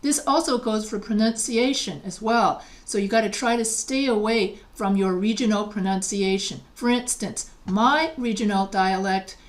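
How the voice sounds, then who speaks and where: A woman's voice: mid-range voice, moderate pace, few pauses. A middle-aged woman from New York, a writing teacher giving a video lecture. She reads textbook examples aloud and then explains them in a conversational way.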